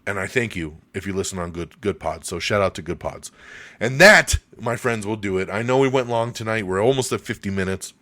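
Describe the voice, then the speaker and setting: A man's voice: on the low side, a little fast, pushed and bright, no echo. A man hosting a casual entertainment news podcast in a chatty, upbeat way, his voice getting scratchy. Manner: chatty, upbeat sign-off, many fillers. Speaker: podcast host.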